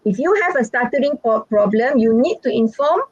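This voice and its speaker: A woman's voice: on the high side, brisk, breathy edge, dry recording. Chatty Malaysian woman teaching exam prep. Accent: Malaysian English. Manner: chatty, animated, frequent "all right?" check-ins. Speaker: English teacher and exam examiner. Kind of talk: online exam-prep lesson. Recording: dry, muffled, lo-fi audio.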